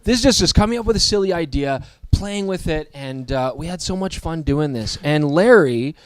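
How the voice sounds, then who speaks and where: A man hosts a relaxed chat, cracking jokes and laughing often. His voice sits a little high. The sound is close and dry, with no room around it. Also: moderate pace, clear, resonant tone, no echo. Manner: jokey, laughs often, animated. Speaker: show host. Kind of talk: casual chat.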